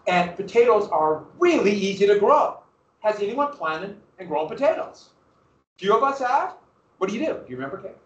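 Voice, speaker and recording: A man teaching a history class in a classroom, lecturing lively and often asking his students questions. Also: sits high, moderate pace. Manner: lively, asks the class questions, restarts phrases. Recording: roomy, distant, dull classroom recording.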